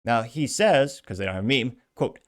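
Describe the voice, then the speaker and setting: A man's voice: medium pitch, lively intonation, normal speed. A man hosting a commentary podcast, reading out news and comments with sarcastic, wry asides. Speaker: podcast host.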